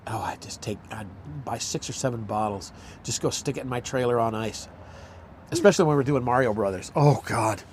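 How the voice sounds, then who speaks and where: An older actor in a casual chat, telling rambling anecdotes and acting out quotes. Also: male voice, medium pitch, fairly quick, slight background noise. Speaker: actor, guest.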